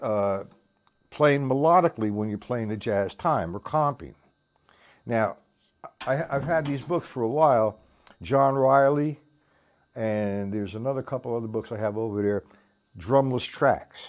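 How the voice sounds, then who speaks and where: A man's voice: medium pitch, a little mellow. A man giving a casual drum lesson. He counts beats aloud and talks in loose, restarting sentences, dropping in "man" here and there. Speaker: drum teacher.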